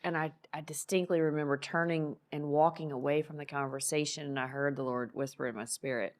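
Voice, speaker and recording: A woman's voice: sits low, brisk. Earnest woman sharing a faith story. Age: adult, married. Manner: earnest, animated storytelling with quoted voices. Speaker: podcast co-host. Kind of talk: casual faith conversation.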